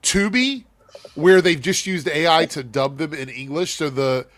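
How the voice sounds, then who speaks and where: A man with a slightly high voice hosts a loose, casual talk show. He chats bluntly and swears often. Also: a little slow, fairly bright tone. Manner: loose and profane, laughing. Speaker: host. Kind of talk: casual chat.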